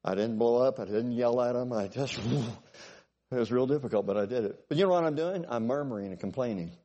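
An older man preaching a sermon to a congregation, swinging from loud exhortation to quiet, musing asides and asking for amens. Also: medium pitch, brisk, lo-fi sound.

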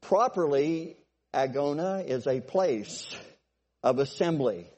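A man's voice: on the high side, expressive, takes it slowly, darkish tone. A man preaching a sermon in a conversational way, often restarting and checking whether the congregation follows him. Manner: conversational, repeats himself, asks the congregation if they follow. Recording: long hall reverb.

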